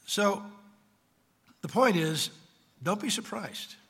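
A man's voice: sits high, lively intonation, slow, gravelly, fairly bright tone, slightly rough, long reverb tail. A man preaching a sermon as pastor, emphatic, putting questions to his congregation.

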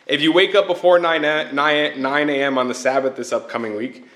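A man's voice: on the high side, fairly even intonation, a little fast, fairly bright tone, echoey room. A man giving an earnest short sermon to a congregation, often repeating himself and checking in with "right?". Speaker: church speaker.

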